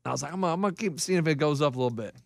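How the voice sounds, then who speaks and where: A man's voice: a little high, very fast, creaky, dry recording. Emphatic male co-host, chatty radio banter, dry studio sound. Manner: emphatic, insistent.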